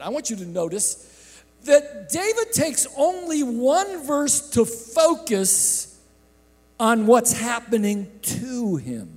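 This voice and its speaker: A man preaching a sermon from a church sanctuary, swinging between bursts of shouting and hushed, drawn-out phrases. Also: very high voice. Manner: impassioned preaching with sudden shouts and hushed drops; slow, drawn-out delivery. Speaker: pastor. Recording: echoey sanctuary with long reverb.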